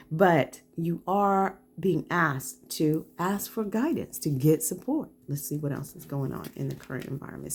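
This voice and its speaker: A woman giving a calm, reflective pick-a-card tarot reading, often checking in with the listener with a soft "right?". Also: deep voice. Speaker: tarot reader hosting a channel.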